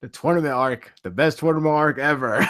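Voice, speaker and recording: Animated laughing male podcast host. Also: on the high side. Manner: animated, laughs often, swears casually. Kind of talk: casual chat.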